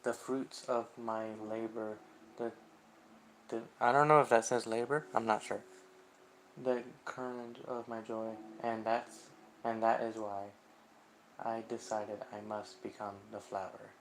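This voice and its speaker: A man streaming a visual novel game, reading the narration aloud and reacting live, unhurried and quick to swear when surprised. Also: lowish voice, little pitch movement, slight background noise.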